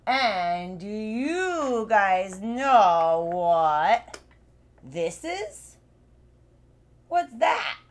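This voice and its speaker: A young woman leads a live lesson for small children, stretching and repeating each word so they can say it back. Her pitch swoops up and down a lot, and she talks very slowly. Her voice is still a bit worn from being unwell. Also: big pitch swings. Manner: slow, exaggerated, repeating words for kids to copy. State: voice still not fully recovered. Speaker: children's speech teacher.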